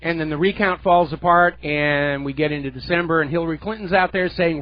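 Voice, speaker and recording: A man's voice: a little high, brisk, hardly any pauses, lo-fi sound. A man hosting a solo political talk radio show, speaking emphatically and sarcastically into a close studio microphone. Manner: emphatic, sarcastic, mocks quoted figures in a put-on voice.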